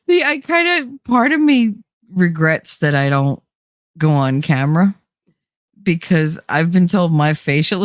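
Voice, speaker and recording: A woman's voice: sits low, no echo, studio quality. A woman with a New Jersey accent hosting a casual livestream chat, laughing often and going nasal at times. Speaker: host.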